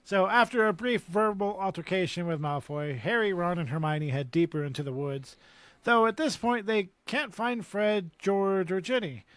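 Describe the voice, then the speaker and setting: A man's voice: sits high, expressive, moderate pace, a bit bright, no room sound. A man hosting a podcast, casually reading through chapter recap notes with chatty asides.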